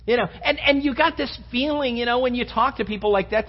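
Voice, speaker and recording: A male pastor preaching a sermon with fervor, repeating phrases for emphasis and swinging between loud and soft. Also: very high-pitched, expressive, fast talker, hardly any pauses, breathy edge. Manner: fervent, repeats phrases for emphasis, rising and falling delivery. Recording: dull lo-fi sound with long hall reverb.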